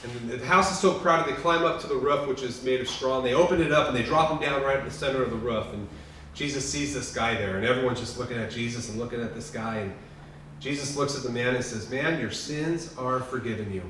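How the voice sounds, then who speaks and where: A pastor preaches a memorial sermon at a quick pace, earnest and heartfelt, alternating between loud, insistent lines and quiet, hushed ones. His voice booms in the echoey lodge hall, captured from a distance over a faint hiss.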